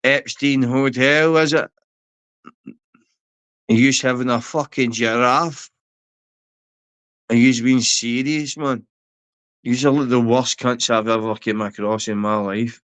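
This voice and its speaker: A man's voice: mid-range voice, fairly even intonation, slow pace, long pauses, fairly bright tone, smooth. A man with a Scottish accent ranting on a livestream, swearing, throwing insults and talking to viewers by name. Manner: foul-mouthed, insulting; rambling, talks to chat by name. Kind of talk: livestream rant.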